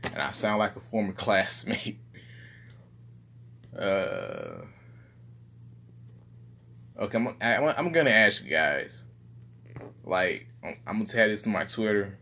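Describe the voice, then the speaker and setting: A young man, rambling casually and profanely in a low-key, self-deprecating way. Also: very animated, slow pace, gravelly, pauses often, bright, forceful tone. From Southern United States. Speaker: vlogger.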